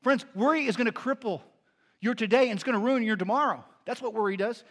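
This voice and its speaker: High-voiced man preaching a sermon. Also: fast. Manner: animated storytelling with lively impressions. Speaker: pastor.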